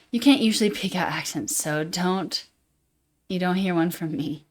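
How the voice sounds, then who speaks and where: A woman with a Utah accent hosting a livestream, chatting casually in a fairly monotone way and reading chat comments aloud. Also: on the low side, a little fast. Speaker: livestream host.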